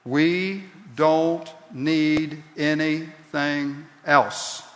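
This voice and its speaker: A man preaching a sermon as pastor, slow and deliberate, building to emphatic peaks. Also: fairly high pitch, fairly even intonation. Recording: long reverb of a large hall.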